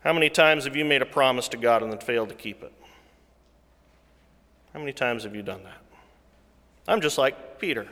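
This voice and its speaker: A man preaching a sermon, slow and deliberate, rising loud and falling to a hush. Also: mid-range voice, in a large hall. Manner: slow, deliberate preaching that swells louder then drops to a hush.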